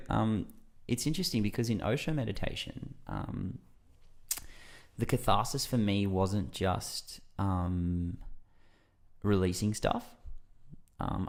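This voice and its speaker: A man with a low voice talks in a relaxed, conversational way as a podcast guest, with a gravelly edge to his voice. He rambles a little and fills pauses often. He acts out his own reactions while he tells a story. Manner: loose and rambling with many fillers.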